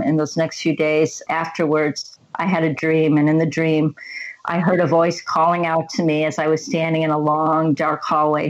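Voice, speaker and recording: A woman's voice: deep voice, muffled recording. A middle-aged woman giving an earnest, reflective personal testimony as an interview guest.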